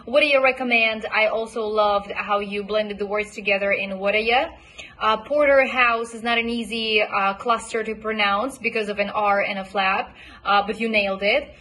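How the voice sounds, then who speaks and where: Bright-voiced woman coach. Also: medium pitch, fairly even intonation. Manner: encouraging, models pronunciation by repeating words slowly. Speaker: accent coach. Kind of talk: recorded homework feedback.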